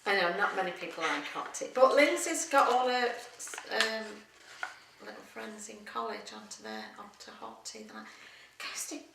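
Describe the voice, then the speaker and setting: A woman's voice: medium pitch, sing-song, normal speed, gravelly, noisy background. A middle-aged woman, chatting in a casual interview, rambling and laughing often. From England. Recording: echoey room, mic at a distance.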